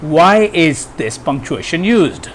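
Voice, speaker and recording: An English teacher gives a grammar lesson, sounding hesitant, with many fillers and restarts. His voice is on the high side and very animated, he takes things slowly, and there's slight background noise.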